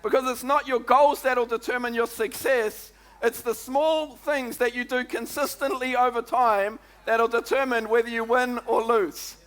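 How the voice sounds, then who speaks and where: A man with a New Zealand accent preaching a sermon as pastor, in a chatty, lively way that keeps calling out "come on" and "eh?" to the congregation. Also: extremely high pitch, a little slow, few pauses.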